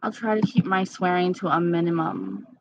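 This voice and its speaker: A woman chatting casually with live-stream viewers at home, candid and quick to laugh. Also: lowish voice, steady tone, dry recording. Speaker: livestream host. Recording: slightly dull lo-fi sound.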